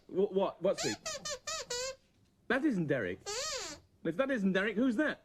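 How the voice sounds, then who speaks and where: A woman's voice: medium pitch, very animated, unhurried, pauses often. A woman presenting a children's show, playfully teasing and exclaiming at her puppets. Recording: clear tape hiss from old VHS.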